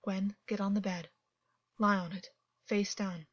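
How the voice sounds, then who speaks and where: A woman voicing a troubled fey man who speaks quietly and measuredly, sometimes near a whisper, in a dull dry recording. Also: mid-range voice, steady tone, unhurried, no echo, natural voice. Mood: commanding. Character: troubled fey man, commanding yet tender.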